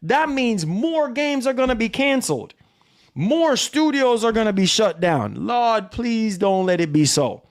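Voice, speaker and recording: Male commentator, theatrical and pleading, slow, very lively pitch. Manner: theatrical, pleading exclamations and drawn-out emphasis. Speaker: gaming news commentator. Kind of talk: dramatic video commentary on news.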